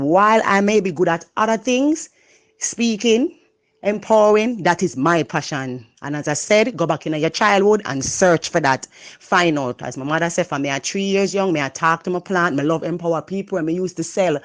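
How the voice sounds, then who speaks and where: A Jamaican woman giving a passionate motivational talk, loud and expressive, mixing patois into her English. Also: lowish voice, moderate pace. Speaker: motivational speaker. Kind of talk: motivational monologue.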